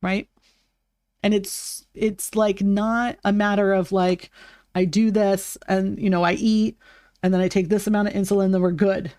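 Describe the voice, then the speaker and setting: A woman live streamer in casual chat with her viewers, talking loosely with lots of "like" and breaking into bright, high greetings. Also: flat delivery, a little slow, dry recording, studio quality. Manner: chatty, fills with "like", bursts into high greetings.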